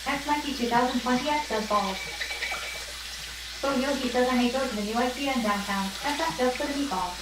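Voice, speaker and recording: A woman's voice: high-pitched, fairly quick, very noisy. A woman reading viewer comments aloud during a cooking livestream. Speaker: chat reader on a livestream. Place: home kitchen. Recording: very echoey kitchen, mic far off. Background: food frying and sizzling.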